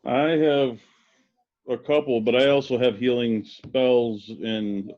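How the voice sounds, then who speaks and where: A man at a game table thinking through plans aloud. His voice sits at an ordinary pitch. The sound is somewhat muffled and lo-fi. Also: steady tone, slow pace. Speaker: player. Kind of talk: casual game table chat.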